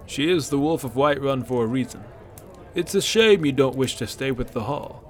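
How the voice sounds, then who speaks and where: A man's voice: mid-range voice, expressive, normal speed, lightly acted. A man doing a wise old warrior chief. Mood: calm. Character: venerable, wise old male warrior leader.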